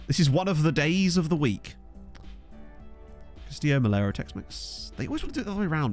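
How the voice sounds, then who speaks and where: Young man, streamer, rambling casual chat, lively pitch, faint music behind. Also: fairly quick, long pauses. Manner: rambling, chatty, addresses viewers. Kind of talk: casual live-stream chat while playing. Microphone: desktop USB mic.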